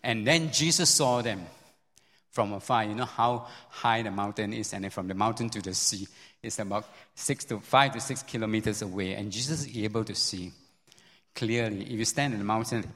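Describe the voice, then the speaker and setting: A man preaching a sermon as a pastor, telling the story in an animated way with many repeats and sudden jumps up in pitch. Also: normal speed. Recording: long hall reverb.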